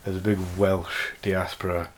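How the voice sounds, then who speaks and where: A man co-hosting a podcast in relaxed casual chat, often hesitating and hedging. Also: low voice, a little slow. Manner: relaxed, hesitant, hedges with "I think". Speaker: podcast co-host.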